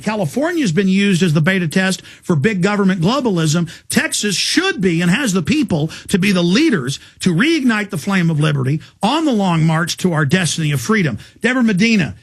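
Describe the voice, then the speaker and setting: A man hosting a political talk interview, speaking in a fiery, emphatic, rapid-fire way. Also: high voice, sing-song. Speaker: talk show host.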